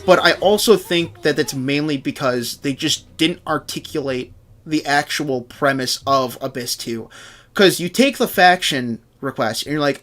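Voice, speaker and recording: Foul-mouthed young streamer, slightly high voice. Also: male voice, fairly bright tone. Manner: rambling, swears constantly, acts out game characters in quick asides. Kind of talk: casual livestream game commentary.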